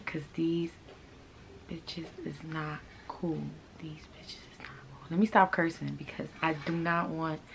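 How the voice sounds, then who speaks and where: Low-voiced woman, chatting casually. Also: a little hiss or hum. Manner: laid-back and slangy, talks right to viewers. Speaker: fashion channel host telling a story. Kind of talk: casual story-time chat.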